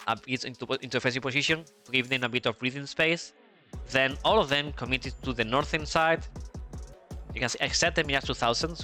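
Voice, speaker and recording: A man's voice: mid-range voice, pushed and bright. A man from Spain with a Spanish accent, chatty, casually commentating a flight-sim match and thinking aloud. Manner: chatty, thinks aloud with restarts and asides to chat. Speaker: esports commentator.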